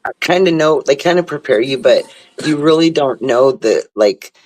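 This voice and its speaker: A man's voice: mid-range voice, animated, normal speed, darkish tone, low-quality recording. A middle-aged host in casual chat, talking in a sympathetic, rambling way about his own experience.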